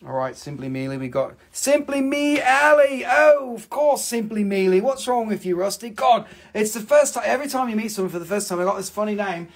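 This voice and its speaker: High, gravelly man selling rocks. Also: expressive, a little fast, hardly any pauses. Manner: joking, profane, talks to himself. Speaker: host selling rocks on a live stream. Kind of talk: live-stream sales chat.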